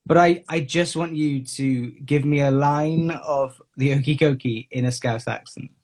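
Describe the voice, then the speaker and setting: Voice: medium pitch, measured pace, a little mellow. A podcast co-host chatting casually, teasing and giggling often. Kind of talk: casual chat.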